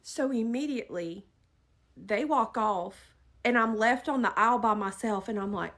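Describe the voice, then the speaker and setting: A woman giving an animated, dramatic storytime narration. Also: a little high, a little slow.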